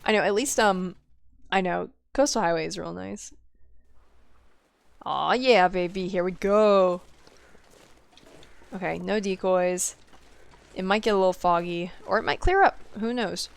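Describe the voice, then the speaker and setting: A woman's voice: lowish voice, unhurried, vocal fry, long pauses, clean tone. A woman from the Southern US, with a faint Southern accent, chatting casually with viewers while streaming a game, giggling and saying "like" a lot. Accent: Southern US, mostly suppressed. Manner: chatty, giggly, answers chat, many "like" fillers. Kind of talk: casual gameplay chat with viewers.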